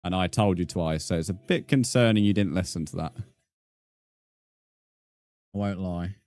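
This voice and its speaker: A man's voice: deep voice, moderate pace, a little mellow. A young man streaming a game, casually reading out and answering his chat with frequent laughs. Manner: chatty, reads and answers chat messages, laughs often.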